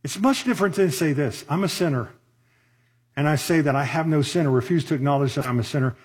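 A man's voice: a little high, fast, husky. A middle-aged man pastor preaching a sermon in a conversational way, with asides and rhetorical questions.

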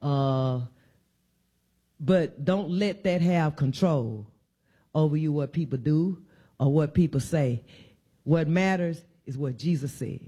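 A woman's voice: low voice, takes it slowly, pauses often, mellow, breathy edge, lo-fi sound. A woman giving an informal sermon in a church, preaching conversationally and driving her points home with repeated emphatic phrases. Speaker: church speaker.

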